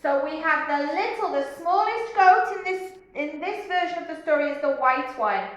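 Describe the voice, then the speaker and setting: A woman kindergarten teacher telling a story in an online lesson, slow and sing-song, asking a young child questions. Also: high-pitched, animated, a bit bright. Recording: very echoey room.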